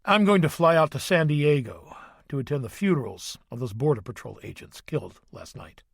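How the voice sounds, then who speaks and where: A man reading a grave, authoritative male president in an audiobook, measured and somber. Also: fairly high pitch, fairly bright tone, no room sound, studio quality.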